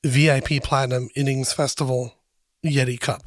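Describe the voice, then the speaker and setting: A hoarse man who is losing his voice, co-hosting a podcast with goofy jokes in casual chat. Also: mid-range voice, flat delivery, normal speed, dry recording, studio quality. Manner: goofy, joking. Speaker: podcast co-host.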